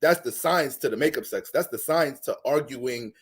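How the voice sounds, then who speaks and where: A man's voice: mid-range voice, normal speed, breathy edge. A man who hosts an astrology channel, talking in a casual, profane, rambling monologue. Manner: profane, animated, rambling, restarts often. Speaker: astrology content creator.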